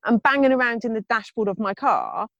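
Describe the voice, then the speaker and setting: A woman in casual chat, telling a funny story with lively acted-out quotes. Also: a little high, fairly quick, dry recording, dull audio. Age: adult. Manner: animated storytelling, acting out quotes.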